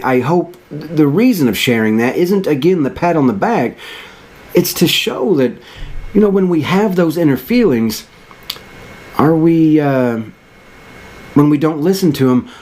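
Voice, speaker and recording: A man's voice: a little high, darkish tone. Earnest man telling a personal story. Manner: earnest, reflective, rambling with restarts. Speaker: motivational vlogger.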